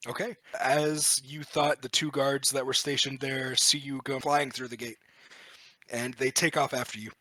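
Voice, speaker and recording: A man runs a tabletop game as its game master, narrating scenes with an easygoing flow and plenty of "uh"s. His voice is bright and forward, recorded close and dry with no room sound. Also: medium pitch, normal speed, no room sound. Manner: relaxed, with frequent "uh" fillers.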